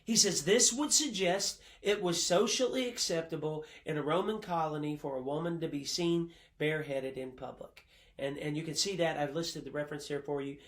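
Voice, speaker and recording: A man's voice: on the high side, moderate pace. A man teaching a Bible class as a college professor, emphatic and quoting sources, with many "uh" fillers.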